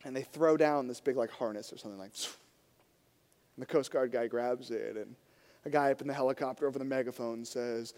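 A man's voice: medium pitch, fairly quick, darkish tone, in a large hall. A man preaching a sermon as a pastor, telling a story and acting out the voices in it. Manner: storytelling, acts out quoted voices.

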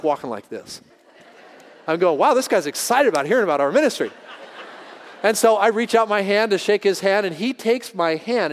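Animated high-voiced man preaching in a hall. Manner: animated, acts out voices in his anecdotes. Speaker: pastor. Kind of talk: storytelling sermon. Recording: long hall reverb.

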